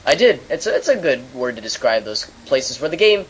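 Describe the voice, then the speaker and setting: Steady mid-pitched man explaining gameplay. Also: fairly quick, slight background noise, rough recording. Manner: steady, explanatory, mildly dry. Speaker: gameplay commentator. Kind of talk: let's play commentary.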